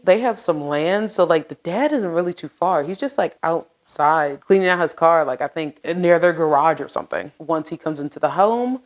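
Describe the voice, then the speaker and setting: A woman's voice: low-pitched, rough recording. A woman hosting a true crime channel, telling a case in casual, chatty commentary, swearing and laughing at her own asides.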